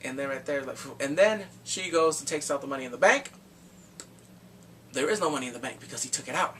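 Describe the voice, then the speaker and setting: A man casually recapping a movie plot in a rambling, excitable way, with blunt crude slang. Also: medium pitch, fast. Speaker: movie reviewer. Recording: distant mic with faint background noise.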